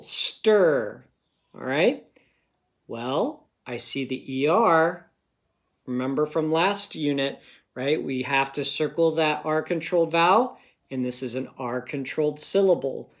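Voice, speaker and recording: A male teacher with a voice on the high side gives children a phonics lesson. He patiently sounds out words and checks in with "okay?" again and again.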